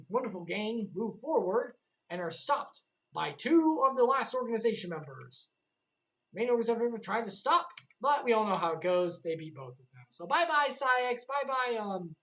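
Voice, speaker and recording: A young woman with a mid-pitched voice chatting through a video game recap on stream. She narrates loosely and keeps dropping sarcastic jokes. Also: low-quality recording. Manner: joking, sarcastic asides. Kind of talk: casual livestream recap.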